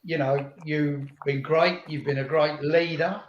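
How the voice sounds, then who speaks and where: An older man speaks with earnest warmth and small restarts. His voice sits a little high. The sound is roomy and muffled, like a video call from a home room. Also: fairly even intonation, unhurried, a little hiss or hum. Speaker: fan group member. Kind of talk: heartfelt farewell speech on a video call.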